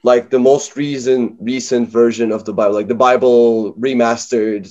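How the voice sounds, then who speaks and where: A man's voice: medium pitch, fairly even intonation, normal speed, a little mellow, highs cut off. A man co-hosting a casual book discussion, talking in loose, joking rambles full of fillers. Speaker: podcast co-host.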